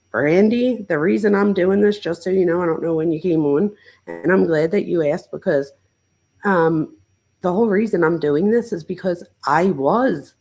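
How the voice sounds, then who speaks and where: A chatty woman hosting a casual livestream, talking straight to her viewers and peppering her sentences with "like." Her voice is gravelly, with a husky edge. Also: mid-range voice, darkish tone, low-quality recording. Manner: chatty, talks straight to viewers, many "like" fillers. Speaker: host and professor reading live chat.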